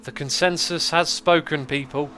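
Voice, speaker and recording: A man hosting a casual gameplay livestream, chatting, thinking out loud and answering viewer comments. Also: fairly high pitch, steady tone, normal speed, soft background music. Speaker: livestream host.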